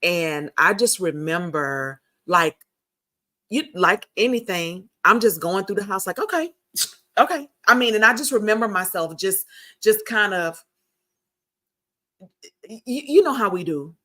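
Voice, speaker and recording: A woman's voice: mid-range voice, unhurried, long pauses, sharp tone. Emotional storytelling woman. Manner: emotional storytelling with many restarts. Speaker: podcast host. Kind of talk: casual heartfelt chat.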